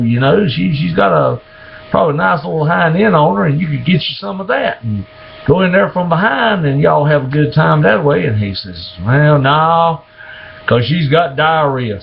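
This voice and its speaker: A man's voice: fairly high pitch, gravelly, highs cut off, slight background noise. Drawling man telling dirty jokes. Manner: slow drawling storytelling, voices the characters. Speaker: joke teller.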